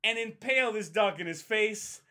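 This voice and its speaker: A man's voice: high voice, moderate pace. A young man telling a long story to friends in casual chat, swearing a lot and acting out the voices of the people in it. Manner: profane, animated, acts out voices. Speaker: storyteller on a podcast.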